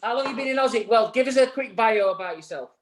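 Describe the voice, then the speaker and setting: A man's voice: very high voice, fast talker. A man co-hosting a live barbering show, chatty and joking with guests. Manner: jokey, chatty, encouraging. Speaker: podcast co-host.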